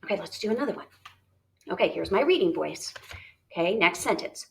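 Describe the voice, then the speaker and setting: A woman teacher talking students through a reading lesson, chatty and animated, modeling her thoughts aloud. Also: mid-range voice, brisk, vocal fry, pauses often. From United States.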